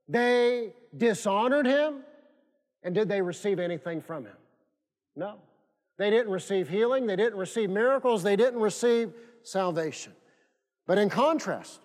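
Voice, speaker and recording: A pastor delivers a sermon in a high, light male voice, leaning on repetition and drawn-out pauses for emphasis. His words ring out through a church sanctuary with a long, lingering reverb. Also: darkish tone.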